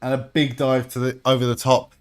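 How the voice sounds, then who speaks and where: A young man hosting a live wrestling watch-along stream, reacting excitedly, swearing freely and chatting with viewers. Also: mid-range voice, fairly quick, soft background music. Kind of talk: live reaction commentary and chat.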